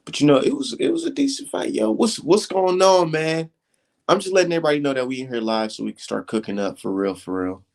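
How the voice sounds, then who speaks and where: A man hosting a casual live stream, talking fight talk in loose slang and getting animated as he rants. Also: fast talker, creaky. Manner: animated, slangy, swings high when mocking critics. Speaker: livestream host.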